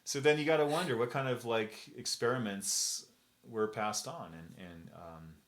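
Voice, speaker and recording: A man's voice: mid-range voice, moderate pace. A man co-hosting a casual chat, telling rambling, jokey stories and slipping into voices for anecdotes. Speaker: podcast co-host.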